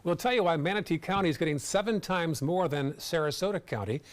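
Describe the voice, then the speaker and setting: A man anchoring a brief TV news update with a crisp newsreader delivery. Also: a little high, quick pace, slight background noise. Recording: faint music underneath.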